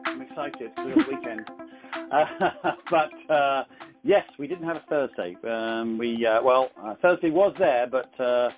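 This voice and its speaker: An Englishman hosting an accountability call, chatting casually in a jokey way with plenty of fillers. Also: mid-range voice. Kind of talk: casual chat.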